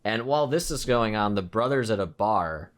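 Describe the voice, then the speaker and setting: A man's voice: on the low side, lively intonation, normal speed. A man co-hosting a podcast, recapping a horror film in a rambling, casual way with lots of fillers and restarts. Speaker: podcast co-host. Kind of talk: casual movie review chat.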